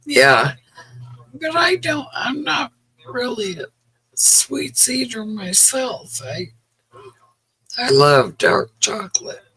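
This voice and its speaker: A woman's voice: a little high, big pitch swings, slow, long pauses, bright, forceful tone, husky, poor audio. A middle-aged woman hosting a livestream, telling stories in casual chat and laughing often. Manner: chatty storyteller, laughs often. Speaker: livestream host.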